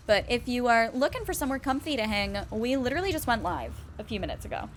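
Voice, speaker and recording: A young woman streaming a video game, chatting directly to her viewers in a chatty, excitable way. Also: on the high side, fast talker, slight background noise. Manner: chatty, addresses chat directly; excitable, gushing. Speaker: Twitch streamer. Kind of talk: casual live-stream chat while gaming.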